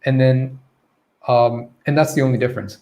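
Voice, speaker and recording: A man's voice: medium pitch, steady tone, normal speed, muffled recording. A man teaching pronunciation in a live online Q&A lesson, modeling vowel sounds and checking in often with "okay?" and "right?".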